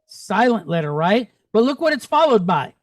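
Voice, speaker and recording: A man's voice: high-pitched, sing-song, moderate pace, no echo. A man teaching a Hebrew class, patiently drilling sounds and checking that students follow. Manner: patient, checks understanding often; drills pronunciation aloud.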